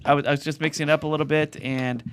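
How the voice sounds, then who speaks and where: A man's voice: on the high side, level tone, very fast, slight background noise. A man hosting a casual podcast chat, rambling with restarts and laughing often. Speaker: podcast host.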